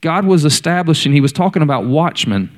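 A man's voice: on the high side, big pitch swings, a little fast. A man preaching a sermon, telling stories and speaking directly to the congregation. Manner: storytelling, voicing the characters in quotes.

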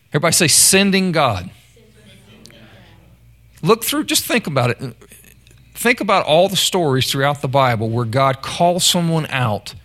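Preacher telling a story. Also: male voice, a little high, a bit bright. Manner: conversational storytelling, repeats words, calls to the congregation. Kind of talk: sermon.

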